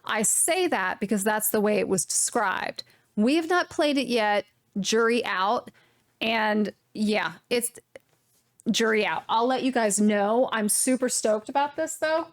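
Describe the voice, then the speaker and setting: A young adult woman hosting a knitting podcast, chatting casually in a rambling, animated way. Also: fairly high pitch, unhurried, dry recording, studio quality. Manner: rambling, animated, swearing mildly. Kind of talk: casual chat to camera.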